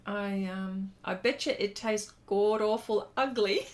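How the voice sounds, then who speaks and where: A middle-aged woman speaks at an unhurried, easygoing pace, her voice sitting at an ordinary middle pitch. She is an artist hosting a casual livestream while she draws. She reads viewers' comments aloud and answers them, with plenty of ums along the way. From lives in Texas. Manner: reads viewer comments aloud and chats back, many fillers.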